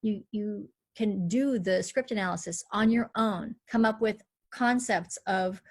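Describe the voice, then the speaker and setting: A woman's voice: medium pitch, a little slow. Woman dialect coach explaining step by step. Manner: explains in clear steps, lively. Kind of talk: live online panel talk.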